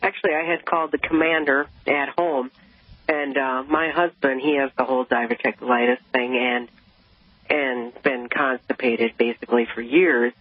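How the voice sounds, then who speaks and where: A woman's voice: rumbling low, fairly even intonation, normal speed, husky, no room sound. A woman caller from Milwaukee, telling a story in a chatty, rambling way on a radio show. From Milwaukee, Wisconsin. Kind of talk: call-in radio talk. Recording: dull radio broadcast sound.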